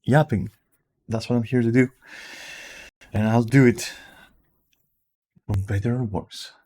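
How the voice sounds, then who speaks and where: A man streaming from home with a raspy, just-woken-up voice, rambling casually and swearing now and then. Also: mid-range voice, steady tone, measured pace, warm tone. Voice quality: raspy morning voice. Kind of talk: casual livestream chat. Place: at home in front of a camera.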